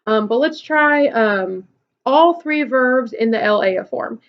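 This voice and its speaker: A woman's voice: a little high, expressive, takes it slowly, lo-fi sound. Woman teacher explaining step by step. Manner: patient, step-by-step explaining with frequent "okay" and "um". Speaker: Spanish teacher. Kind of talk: recorded classroom lesson video.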